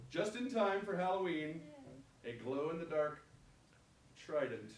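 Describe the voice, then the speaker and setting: A man's voice: a little high, animated, measured pace, pauses often. A man emceeing a raffle on a small theater stage, teasing and playful. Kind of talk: live comedy emcee banter. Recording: echoey live theater recording from a distance, background noise.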